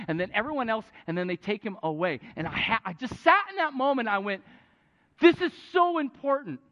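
A man preaching a sermon as a pastor, telling a story with animated, urgent peaks. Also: very high voice. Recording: dull, echoey hall.

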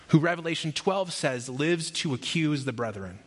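A man preaching a sermon as pastor, energetic and emphatic, with rhythmic lists and acted asides. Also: on the high side, normal speed.

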